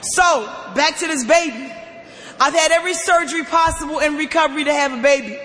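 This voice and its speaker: An emphatic woman tells her own story to a recovery meeting. Her forceful voice often rises close to a shout. The sound carries long reverb, as if from a large hall. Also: sits high, brisk. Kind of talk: personal testimony share.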